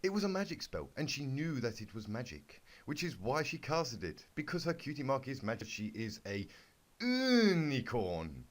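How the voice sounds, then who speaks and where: A young man giving a halting, deadpan comedic reading of a bad fanfic. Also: mid-range voice. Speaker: YouTuber reading fanfic aloud. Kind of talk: mock-serious comedic reading.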